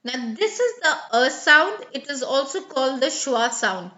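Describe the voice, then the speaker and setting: A woman's voice: high voice, big pitch swings, unhurried, bright, forceful tone, highs cut off. A woman teaching English pronunciation in a live online class, carefully enunciating sample words and coaxing students by name. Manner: clearly enunciating model words.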